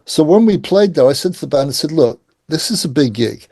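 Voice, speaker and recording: Man telling lively band stories. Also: fairly high pitch, a little fast, no room sound. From England. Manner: animated anecdotes, acts out quoted voices. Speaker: guest. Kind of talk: casual storytelling interview.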